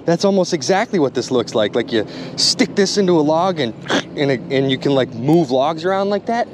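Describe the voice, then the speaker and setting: An excitable man talks straight to the camera as he fishes outdoors, his voice jumping all over the place with every exclamation. Faint traffic hums behind him. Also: a little high, brisk. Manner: excitable, exclamatory, addresses viewers directly. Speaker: magnet fishing vlogger. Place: outdoors by water.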